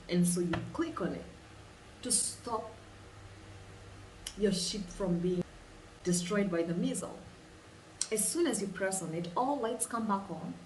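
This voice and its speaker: Woman, animated storyteller, repeats phrases, echoey room. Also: medium pitch, a little hiss or hum. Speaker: vlogger. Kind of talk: guided imagination exercise. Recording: roomy sound, distant mic, faint ambience.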